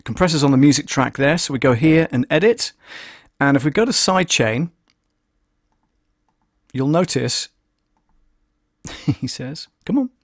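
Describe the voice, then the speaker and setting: A man hosting a live stream, casually explaining audio software and thinking aloud as he works. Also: a little high, animated, unhurried, long pauses, no room sound, clean studio sound. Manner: chatty, thinking aloud with many fillers.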